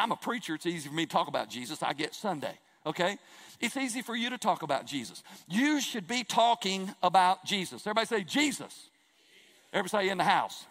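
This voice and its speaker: A man's voice: high voice, a bit bright. A pastor preaching a sermon and reading scripture. He is emphatic, repeats his key phrases and drops in playful asides. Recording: long hall reverb.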